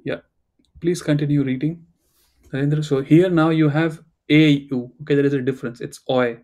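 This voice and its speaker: A man leads a beginner German lesson over a video call, with a dark and mellow voice. He is patient and coaxing, and he corrects each student's pronunciation word by word. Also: fairly high pitch, fairly even intonation, normal speed. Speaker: German teacher. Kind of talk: online language class.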